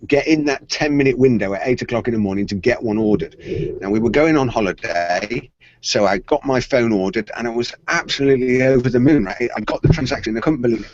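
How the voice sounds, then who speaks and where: A middle-aged man co-hosting a tech podcast, telling a story playfully and acting out the voices of the people in it. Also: mid-range voice. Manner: playful storyteller who acts out quoted voices. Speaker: podcast co-host. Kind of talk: casual tech chat, storytelling. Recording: dry, slightly muffled podcast audio.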